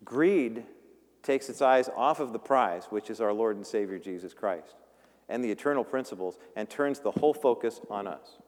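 A man preaching a sermon as pastor, animated, acting out the voices of the people in his story. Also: medium pitch, a little fast, long reverb tail. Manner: animated, acts out voices of characters. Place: church sanctuary.

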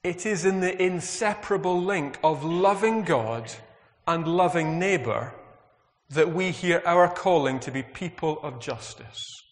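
A man's voice: a little high, measured pace. A man preaching a sermon, earnest and reflective, asking the congregation questions. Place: church. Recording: long hall reverb.

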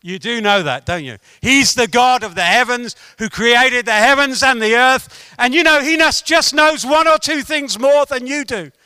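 Man, preacher, animated sermon, high voice, smooth clear tone. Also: normal speed, few pauses, dry recording, studio quality. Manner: animated, emphatic storyteller. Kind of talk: sermon with storytelling. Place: meeting room with an audience.

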